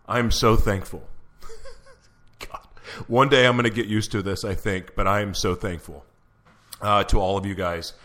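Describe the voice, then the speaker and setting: A man's voice: fairly low pitch, a bit bright. A man hosting a live radio show from a studio, giddy and emotional, stumbling over his intros.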